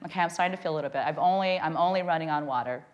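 A woman telling a funny personal story to a live audience, lively and self-mocking, checking in with "okay?" and "right?". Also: low voice, rapid-fire, dull audio.

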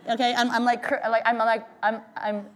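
Lively woman storyteller, quite a bit of hiss. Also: fairly high pitch, fairly quick, crowd noise. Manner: lively, self-mocking, peppered with "okay?" and "right?". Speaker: speaker telling a personal story to an audience. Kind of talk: storytelling talk to a live audience.

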